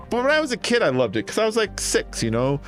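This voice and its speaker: A man's voice: high-pitched, fairly bright tone. A man streaming a game, chatting casually and telling long, rambling stories full of fillers. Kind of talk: casual chat while gaming.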